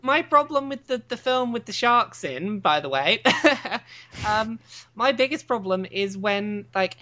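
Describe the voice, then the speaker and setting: A woman co-hosting a casual chat, giving measured, opinionated takes on films. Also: medium pitch, expressive, sharp tone.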